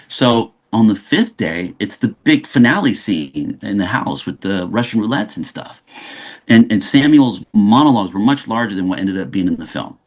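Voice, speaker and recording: A man, an actor guest in a casual interview, telling animated stories and acting out the dialogue. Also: lowish voice, normal speed. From Los Angeles. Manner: animated storyteller who acts out quoted dialogue.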